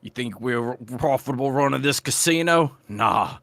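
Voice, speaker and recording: A man's voice: medium pitch, animated, moderate pace, fairly bright tone, dry recording, clean studio sound. A man voicing a pompous, bossy male orc inspector, drawling each word. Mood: officious.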